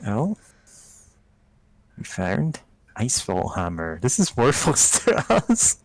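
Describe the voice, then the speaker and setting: A man's voice: mid-range voice, wildly swooping pitch, slow pace, creaky, rough recording. A man chatting casually with friends while playing a game, explaining game details with dry humor. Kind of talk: casual gaming chat.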